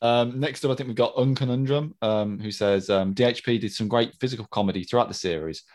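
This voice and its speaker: A man co-hosting a podcast, chatting casually and thinking out loud with many pauses and fillers. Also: medium pitch. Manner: rambling, hesitant, many ums. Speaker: podcast co-host. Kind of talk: casual chat.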